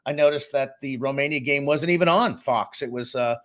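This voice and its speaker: A middle-aged man from Boston, co-hosting a casual sports podcast and giving opinionated, animated takes. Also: mid-range voice, brisk. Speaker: co-host and sports analyst.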